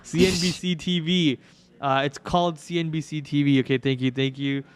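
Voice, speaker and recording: This young man's voice is a little high, steady in tone, and moves at a normal speed. He hosts a stock trading livestream, giving loose, rambling market commentary that is chatty and packed with fillers.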